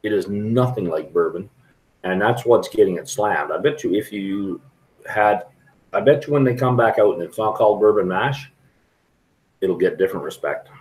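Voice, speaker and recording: A man's voice: lowish voice, animated, moderate pace, darkish tone, poor audio. A middle-aged man chatting frankly and rambling to viewers on a live stream from a restaurant. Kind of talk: casual live stream chat.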